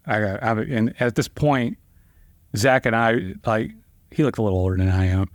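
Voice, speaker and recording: As a guest, a middle-aged man who works as a trial attorney spins casual anecdotes, voicing the quoted dialogue with big, sharp jumps in pitch. He talks at normal speed in a loose, conversational style, leaning on "like" and "you know". The recording is studio quality with no echo.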